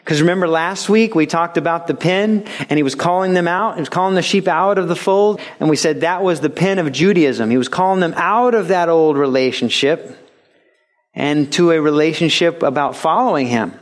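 A male pastor preaching a sermon, animated and acting out little dialogues and mimicking voices for laughs. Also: fairly high pitch, moderate pace.

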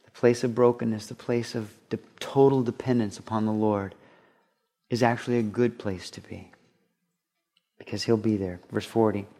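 A man's voice: lowish voice, fairly even intonation, normal speed, dark tone. Earnest male pastor preaching conversationally. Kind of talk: sermon.

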